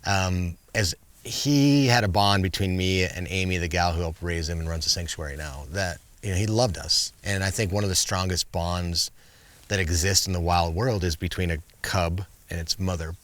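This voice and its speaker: Deep-voiced man telling animal stories. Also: normal speed, no room sound. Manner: animated storyteller, acts out commands to his bear. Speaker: guest, wildlife filmmaker. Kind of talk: casual interview chat.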